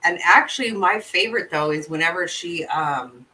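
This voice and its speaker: A woman chats with her live viewers in a bright, sharp voice, blunt and quick to swear. She laughs easily as she talks. She sits a little back from the mic, so her voice sounds slightly distant. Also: lowish voice. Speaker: livestream host. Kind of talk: casual chat reacting to viewer comments.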